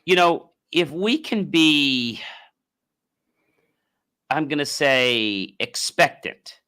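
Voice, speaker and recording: A man hosting a podcast interview, talking in a loose, expressive way. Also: fairly high pitch, drawn-out words, clear, resonant tone. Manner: expressive, acts out imagined voices. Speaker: podcast host. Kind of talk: casual interview chat.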